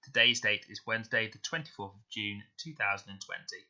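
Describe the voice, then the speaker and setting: Man for a recorded spelling lesson; sharp, bright tone, sounds out each word slowly. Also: lowish voice. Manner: slow, clear, sounding out words deliberately. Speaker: primary school teacher. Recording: dull lo-fi home recording.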